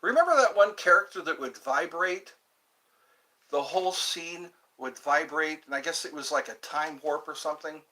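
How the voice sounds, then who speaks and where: In a loose, rambling livestream, the male host voices viewer messages aloud and then replies, drifting between topics along the way. He sounds expressive and sharp-toned, on the high side, speaking at a moderate pace.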